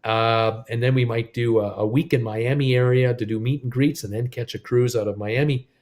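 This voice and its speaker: Speaking at a normal speed, this man has a medium-pitched, steady, slightly mellow voice. He runs a casual live cruise news stream from his Creston home, rambling and joking upbeatly through viewer comments and talking to his wife off-mic.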